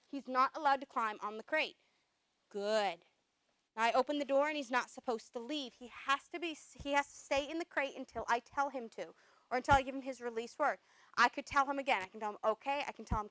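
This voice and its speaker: A woman dog trainer explaining commands step by step, breaking off to give sharp corrective noises and praise. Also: on the high side, no echo, poor audio. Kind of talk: instructional demonstration.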